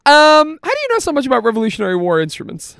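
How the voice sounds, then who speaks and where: A man's voice: extremely high pitch, wildly swooping pitch, very fast, vocal fry, a bit bright, smooth, no room sound, clean studio sound. A man co-hosting a podcast in casual chat, playful and teasing, with some swearing. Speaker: podcast co-host.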